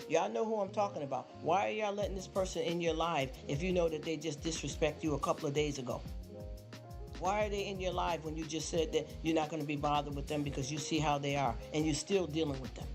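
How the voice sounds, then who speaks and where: A man's voice: on the high side, a little fast. A man hosting a livestream, lecturing his viewers in a casual, preachy rant full of repeated rhetorical questions. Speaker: livestream host. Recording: livestream with music behind. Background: background music.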